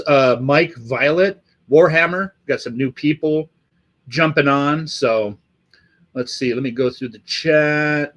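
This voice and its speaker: A man's voice: a little high, takes it slowly, fairly bright tone. A man from Los Angeles hosting a casual livestream, talking in a profane, rambling, enthusiastic way. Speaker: livestream host.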